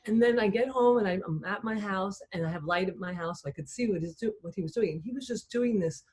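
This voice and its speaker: A woman's voice: mid-range voice, fast, a little mellow, husky. A woman taking part in an online talk chats in a light, chatty way with lots of fillers, over a video call. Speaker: webinar participant. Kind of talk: casual chat.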